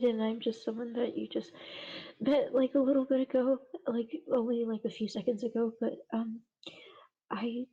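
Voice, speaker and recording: Soft, husky woman on lo-fi audio. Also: fairly high pitch. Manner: soft, apologetic, hesitant. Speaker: player. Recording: dull lo-fi audio.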